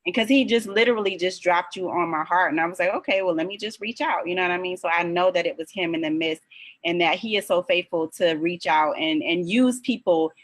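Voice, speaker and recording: A woman's voice: fairly low pitch, a little fast. A woman hosting a faith-based interview, supportive and affirming, often murmuring agreement. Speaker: host.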